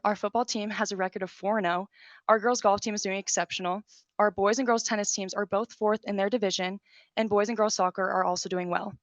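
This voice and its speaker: A teenage girl reads out a prepared speech at a brisk pace. Her voice sits in a middle pitch with a steady, recited delivery. The recording is dry and close. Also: dry recording. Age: teens. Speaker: student government officer. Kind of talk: prepared speech read aloud.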